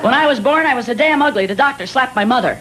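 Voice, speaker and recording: Guy doing quick self-putdown jokes, crowd roaring over him. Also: extremely high pitch, expressive, heavy background noise. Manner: rapid-fire, self-deprecating punchlines. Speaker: stand-up comedian. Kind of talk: self-mocking one-liner stand-up. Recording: live show with loud audience laughter.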